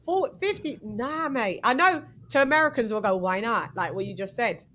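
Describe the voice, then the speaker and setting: A bright, fairly high-pitched woman runs a casual chat panel. She presses her guests with quick questions and argues her point firmly, often talking over them. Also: very animated, a little hiss or hum, rough recording. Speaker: host of a boxing panel show.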